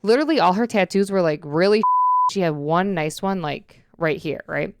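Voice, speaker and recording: A woman co-hosting a podcast, telling stories in a chatty, expressive way. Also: on the low side, moderate pace, smooth, dry recording, studio quality. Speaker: podcast co-host. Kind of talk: casual chat. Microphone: dynamic podcast microphone.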